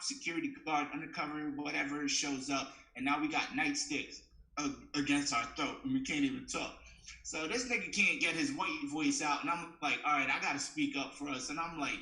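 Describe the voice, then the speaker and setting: A young adult man doing stand-up comedy, telling a story and acting out the other people's lines in an animated way. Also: mid-range voice. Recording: echoey room.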